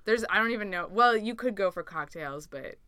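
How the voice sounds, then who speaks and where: A woman's voice: medium pitch, lively intonation, fairly quick, crowd noise. A woman in casual chat, giggly and hesitant, often trailing off mid-thought. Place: lives abroad.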